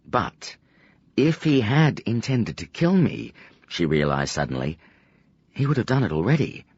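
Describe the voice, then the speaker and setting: A man narrating an audiobook in a scripted, expressive and dramatic storytelling style. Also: fairly low pitch, unhurried, breathy edge, no echo, muffled recording.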